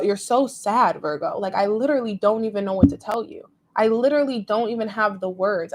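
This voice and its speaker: A woman's voice: fairly high pitch, slight background noise. A woman giving a casual tarot reading to her viewers, rambling and emotive, with many fillers. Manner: rambling and emotive, heavy use of "like". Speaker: tarot reader.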